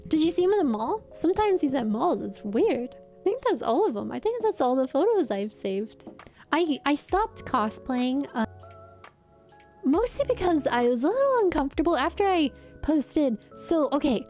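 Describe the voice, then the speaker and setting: A woman's voice: sits high, very animated, normal speed, warm tone, faint music behind. A young woman telling stories in a rambling, giggly vlog chat. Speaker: streamer.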